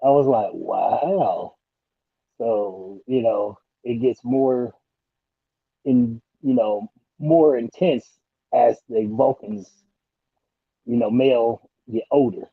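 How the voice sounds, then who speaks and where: A man co-hosting a casual podcast, talking slowly and padding with "you know.". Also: mid-range voice, breathy edge, no echo, narrow, tinny audio. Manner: slow, says "you know" often. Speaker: podcast co-host. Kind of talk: casual chat.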